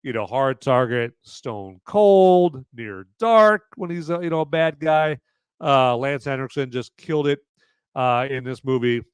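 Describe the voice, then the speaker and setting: A man's voice: medium pitch, lively intonation, unhurried, clear, resonant tone, dry recording. A man hosting a live movie review podcast, rambling casually with many fillers and swearing. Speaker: podcast host.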